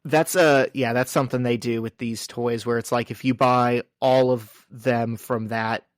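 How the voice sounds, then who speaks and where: A relaxed man chats on a podcast, unhurried and leaning on fillers as he tells a story. His voice sits at an average pitch. The recording is dry and close-miked. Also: no room sound. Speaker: podcast co-host. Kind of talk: casual chat.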